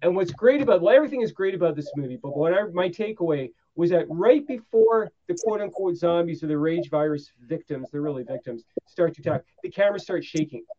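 A man's voice: a little high, lively intonation, fast, few pauses, muffled recording. A man in casual podcast chat, recapping films with eager, rambling enthusiasm and many fillers.

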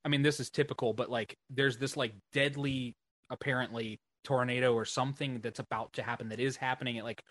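A man hosts a loose podcast chat, rambling through a story with plenty of swearing and laughter. His voice is mid-pitched and recorded dry and close. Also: steady tone, fairly quick, fairly bright tone, dry recording. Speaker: podcast host. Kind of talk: casual chat.

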